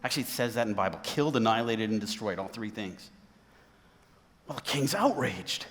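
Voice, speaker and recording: A man's voice: lowish voice, lively intonation, fairly quick, a bit bright, big-room sound. A man preaching a sermon, retelling a Bible story with voices for its characters.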